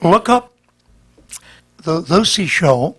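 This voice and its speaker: High-pitched male vocal coach, slightly worn voice, patient explainer. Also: sing-song, takes it slowly, slightly rough. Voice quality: slightly damaged voice. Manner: patient, explanatory, demonstrates as he talks. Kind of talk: demonstrating voice lesson.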